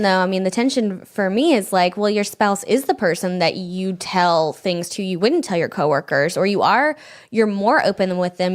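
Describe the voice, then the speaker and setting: A woman with a mid-range voice chats on a podcast about marriage. She is animated and rambling, and fills her talk with "like" as she thinks out loud. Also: medium pitch. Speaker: podcast co-host. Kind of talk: conversational podcast discussion.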